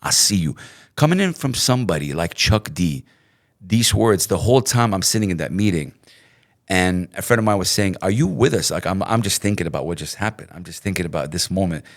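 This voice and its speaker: A middle-aged man, a radio host, talking in a casual interview in an animated way, repeating himself and acting out quotes. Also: sits low, brisk.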